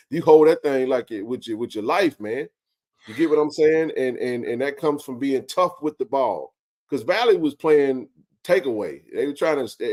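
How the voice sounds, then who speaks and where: A man's voice: mid-range voice, darkish tone. A man hosting a casual sports talk show, ranting passionately and swearing freely about his team's fans.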